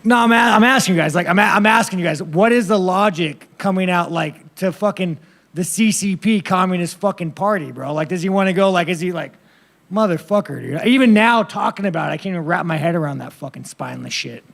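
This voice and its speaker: Blunt, foul-mouthed fighter at a press conference. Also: male voice, high voice, fairly quick, creaky, a bit bright. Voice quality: blunt, swears constantly, laughs at himself. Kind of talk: profane, rambling press conference answers.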